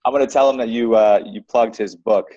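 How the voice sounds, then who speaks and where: Mellow, low-voiced man hosting a podcast. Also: a little fast, no echo, highs cut off. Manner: affirming, encouraging, addresses listeners directly. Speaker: podcast host. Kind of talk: interview hosting.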